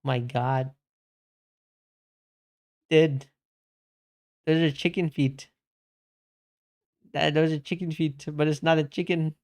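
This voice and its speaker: A man's voice: on the high side, steady tone, slow, long pauses, darkish tone. A man streaming casually, chatting slangily and calling everyone bro while answering his chat.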